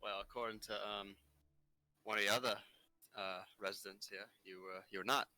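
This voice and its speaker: A man playing a tabletop game, halting and full of fillers as he speaks. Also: on the low side, fairly even intonation, bright, forceful tone, no echo, low-quality recording. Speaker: player. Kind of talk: casual tabletop play.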